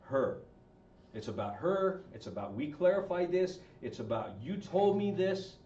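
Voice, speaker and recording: A man's voice: on the high side, big pitch swings, a little slow, warm tone, slight background noise. Man giving a talk in an echoey room. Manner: conversational, asks the audience questions. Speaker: speaker on marriage and relationships. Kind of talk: informal talk to a group. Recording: echoey room, far from mic, dull sound.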